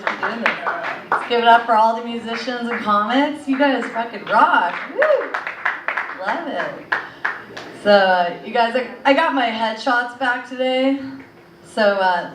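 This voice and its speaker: A woman's voice: on the high side, background noise. A young woman doing a stand-up set in a comedy club, rambling with lots of fillers. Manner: rambling, filler-heavy delivery. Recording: echoey club audio from a distance.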